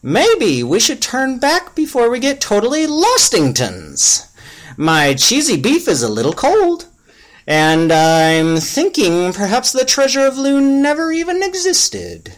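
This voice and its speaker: Man voicing a small mole-like elf man, whiny, complaining, high strained voice, lively pitch. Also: a little slow, heavily acted. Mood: fretful. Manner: complaining, exasperated.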